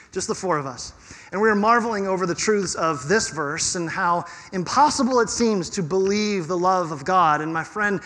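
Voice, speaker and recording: Earnest pastor preaching in a reverberant sanctuary. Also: male voice, high-pitched, fairly bright tone. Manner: conversational, earnest, quick laughs between points. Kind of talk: sermon. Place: church sanctuary. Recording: long church reverb.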